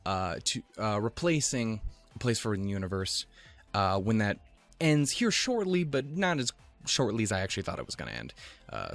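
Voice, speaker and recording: Rambling, swearing male anime host. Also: on the low side. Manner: rambling, swears often, laughs at himself. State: out of breath. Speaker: anime reaction channel host. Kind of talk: casual chat.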